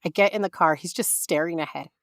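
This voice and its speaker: A woman in her forties, a podcast co-host, telling a story in casual chat, animated and freely swearing as she acts out other people's lines. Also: lowish voice, quick pace, dry recording, studio quality.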